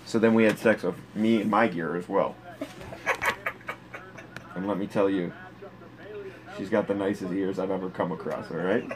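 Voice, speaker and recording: A man's voice: deep voice, normal speed, long pauses, noisy background. Crude, laughing male storyteller. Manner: crude, animated, laughs through his stories. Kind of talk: casual comedic storytelling.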